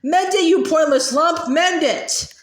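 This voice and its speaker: A woman playing a furious old wizard who bellows and sneers at everyone around him. The voice sits high and strained as it shouts, and the room gives it a noticeable echo. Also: expressive, moderate pace. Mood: bellowing. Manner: bellowing, sneering, raised pitch. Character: furious old male wizard, bullying father. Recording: echoey room.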